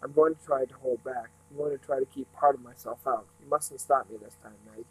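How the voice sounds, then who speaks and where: A man's voice: medium pitch, fairly even intonation, brisk, a little mellow, husky, natural voice, poor audio. A man voicing a small, serious, determined boy in an earnest reading.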